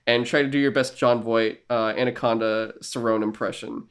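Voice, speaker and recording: A man's voice: mid-range voice, fairly even intonation, normal speed, smooth. A man co-hosting a podcast in casual chat, rambling and joking with casual swearing. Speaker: podcast co-host.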